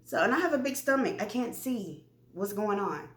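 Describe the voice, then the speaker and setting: A woman's voice: mid-range voice, moderate pace. Chatty woman vlogger in an echoey room. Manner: animated, chatty, addresses viewers directly. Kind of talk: candid personal storytelling.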